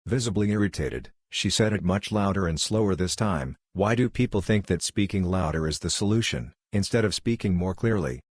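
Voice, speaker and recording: Male narrator, deep and dry, steady plain read of online posts. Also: normal speed, few pauses, husky, no echo. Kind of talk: reading online posts aloud.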